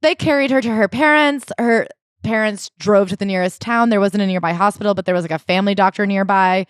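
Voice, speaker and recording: A woman's voice: mid-range voice, quick pace, clear, resonant tone, no echo, studio quality. Woman co-host retelling a story. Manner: animated storytelling, retelling events with quoted voices. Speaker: podcast co-host. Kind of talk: casual book-club chat.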